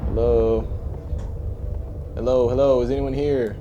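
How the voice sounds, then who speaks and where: A young man with an everyday middle-pitched voice who coaxes unseen spirits in a steady, patient way. Music sits clearly under his voice. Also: a little slow, highs cut off. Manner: steady, coaxing, talks to spirits gently. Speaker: ghost-hunting co-host. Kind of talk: calm paranormal vlog.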